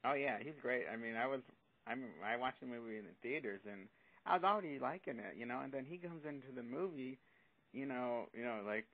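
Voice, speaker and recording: A man's voice: mid-range voice, brisk, phone-quality sound, slight background noise. A man calling in to a show, talking in a rambling, hesitant way. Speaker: caller. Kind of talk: casual call-in chat.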